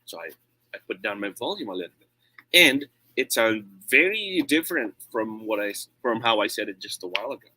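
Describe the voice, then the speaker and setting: A man's voice: on the low side, brisk, no echo, low-quality recording. A Filipino man teaching an online speech lesson, switching between English and Tagalog and playing with his tone and volume to make his points. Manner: animated, plays with tone and volume, mixes in Tagalog.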